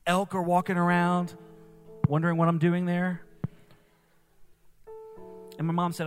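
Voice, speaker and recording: Higher-voiced pastor preaching over soft music. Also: male voice, little pitch movement, normal speed, long pauses, big-room sound. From New Jersey. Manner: conversational preaching with fillers like "like" and "you know". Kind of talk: sermon. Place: church.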